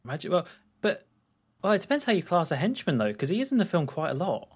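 A man's voice: on the high side, big pitch swings, fast, husky. A man co-hosting a podcast, reacting to a film recap with chatty, amused asides. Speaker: podcast co-host. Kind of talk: casual film chat.

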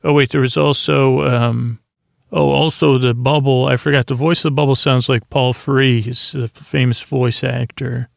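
A man's voice: medium pitch, fairly even intonation, unhurried, vocal fry, no echo, clean studio sound. A man hosting a bedtime podcast, recapping a TV episode in a meandering, hesitant way full of asides and restarts. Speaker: podcast host.

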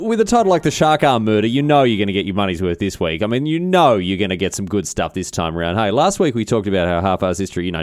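An Australian man hosts a podcast in a loose, rambling monologue full of cheeky asides and mock rants. His voice sits fairly low but swings widely in pitch. The sound is close and dry. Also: no room sound. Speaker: podcast host. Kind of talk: casual storytelling monologue.

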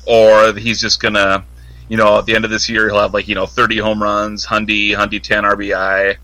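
Man, home-studio podcast co-host, easygoing and jokey; bright, punchy tone, close dry sound. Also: on the low side, completely flat delivery, fairly quick, no room sound, poor audio. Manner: joking, rambling, laughs often. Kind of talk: casual sports chat.

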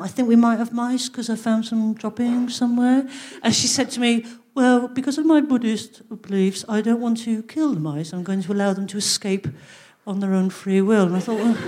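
A middle-aged woman performing stand-up on a theatre stage, her voice sitting slightly high. She tells her stories in a wry, animated way and tips into mock outrage. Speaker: comedian and co-host. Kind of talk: live stand-up comedy. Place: theatre stage before a live audience.

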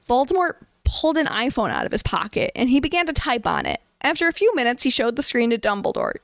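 A woman reading a satirical story aloud as narrator, in a mock-earnest, deadpan manner. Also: on the high side, fast talker, gravelly, hardly any pauses, no echo.

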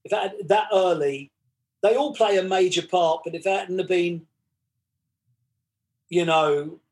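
A man's voice: high-pitched, unhurried. A man, chatting as a podcast guest and acting out both sides of old conversations. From England. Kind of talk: casual storytelling chat.

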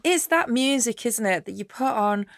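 A woman's voice: fairly high pitch, animated, normal speed, gravelly. A woman with a Yorkshire accent, a podcast guest telling chatty, self-mocking stories. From Yorkshire, England. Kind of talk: casual interview chat.

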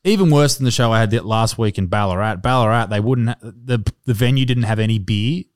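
A man's voice: fairly low pitch, brisk. A man with an Australian accent, a comedian hosting a casual chat and telling swearing-laced stories. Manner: swearing storyteller, acts out quotes. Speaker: comedian podcast host.

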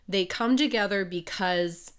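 A woman co-hosting a podcast who retells a book's plot in casual chat. She is animated, swears freely and laughs often. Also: medium pitch, a little slow, smooth. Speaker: podcast co-host. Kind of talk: casual book recap chat.

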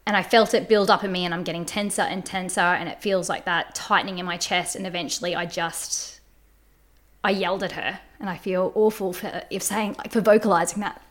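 Woman on a podcast, lowish voice, earnest and reflective. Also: fairly even intonation, brisk, a bit bright. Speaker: podcast guest. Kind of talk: candid conversational storytelling.

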